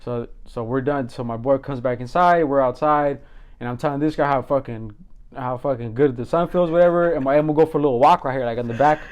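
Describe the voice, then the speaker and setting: A man hosting a podcast, telling a story in animated casual chat full of slang and swearing. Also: medium pitch, fairly quick. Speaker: podcast host.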